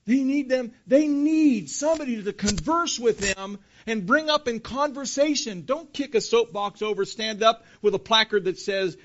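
A man's voice: very high voice, normal speed, few pauses, a bit bright, highs cut off. A man preaching a sermon, asking rhetorical questions and building emphasis, calling his listeners folks. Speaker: pastor.

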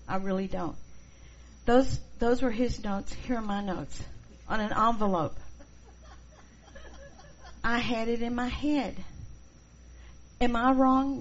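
Gravelly woman teaching a church class. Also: medium pitch. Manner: expressive, acts out quoted people. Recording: dull lo-fi recording, faint noise.

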